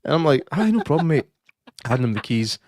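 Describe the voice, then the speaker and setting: Scottish male co-host, animated and somewhat high, laughing sweary anecdotes. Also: quick pace, no echo, clean studio sound. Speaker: podcast co-host. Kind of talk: casual chat.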